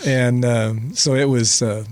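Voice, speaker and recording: An older man, a guest on a podcast, telling stories in reflective, pausing casual talk. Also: medium pitch, steady tone, a little mellow. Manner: reflective storytelling, many pauses. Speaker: podcast guest, host's father.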